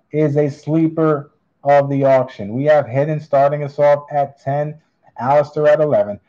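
A man running a live online coin auction, calling bids in a drawn-out, upbeat patter. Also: fairly high pitch, dark tone, lo-fi sound.

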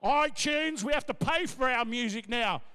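A middle-aged man doing brash, loud stand-up as MC at a gala. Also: extremely high pitch, lively intonation, clean tone. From Australia. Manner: brash, loud, rapid riffing. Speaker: comedian and MC. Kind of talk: stand-up comedy. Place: large gala ballroom. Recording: echoey ballroom, long reverb.

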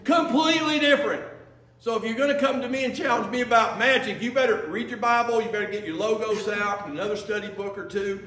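Male pastor, conversational sermon, high register, recorded at a distance in a church. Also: fairly quick, roomy sound, slight background noise. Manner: lively, conversational, acts out quotes. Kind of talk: sermon with storytelling. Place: church sanctuary.

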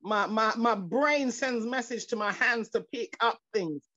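Her voice fairly high, bright and forceful, a woman preaches at a measured pace over a video call whose audio is dull and lo-fi, with no room sound. The sermon is fervent and repetitive, with stumbling restarts that build into exclamations of praise.

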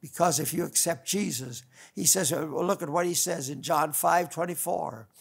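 An older man preaches a sermon in a homespun, wandering style, often restarting his sentences. His voice sits a little high for a man and has a gravelly, creaky edge. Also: moderate pace. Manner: folksy, rambling preaching with restarts. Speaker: pastor.

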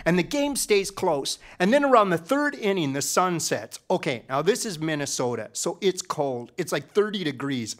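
A middle-aged man tells a comic story with wry timing and mock-epic grandeur. His voice is high and swells dramatically at its peaks. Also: fairly bright tone.

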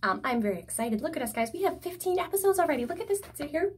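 A young woman with an energetic, bubbly manner, reading her own children's story aloud. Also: sits high, fast talker. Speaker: storyteller and author.

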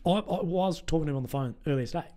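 A young Australian man telling stories in a relaxed chat, with lots of fillers. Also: a little high, very fast. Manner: chatty storytelling, many fillers. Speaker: host. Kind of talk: casual chat.

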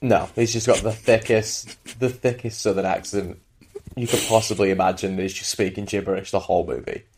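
A man's voice: fairly low pitch, steady tone, a little fast, darkish tone, slight background noise. A man co-hosting a podcast, chatting loosely about a film with lots of fillers and swearing. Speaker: podcast co-host. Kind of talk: casual movie-recap chat.

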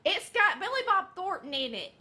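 Middle-aged Southern woman vlogging from her kitchen, high and bright, tired, rambling and folksy. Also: big pitch swings, normal speed. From American South. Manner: folksy, rambling, says y'all and honey. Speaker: vlog host, home cook. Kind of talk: casual chatty vlog. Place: home kitchen, indoors.

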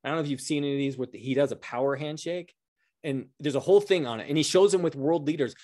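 A man co-hosting a podcast in casual political chat, halting and repeating words as he thinks aloud. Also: a little high, a little mellow. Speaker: podcast co-host.

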